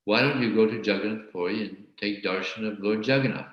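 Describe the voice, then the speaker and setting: A man's voice: fairly low pitch, brisk, lo-fi sound, close to an everyday voice. Man voicing a stern lecturing judge. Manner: firm, lecturing. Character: stern male judge rebuking an impostor. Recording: very echoey room.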